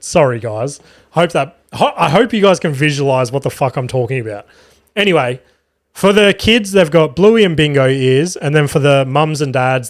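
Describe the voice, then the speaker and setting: A young Australian man hosting a podcast, telling an animated, profane, self-mocking story from home. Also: fairly high pitch, no echo, clean studio sound. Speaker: podcast host. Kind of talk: casual storytelling chat. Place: home room with a cat.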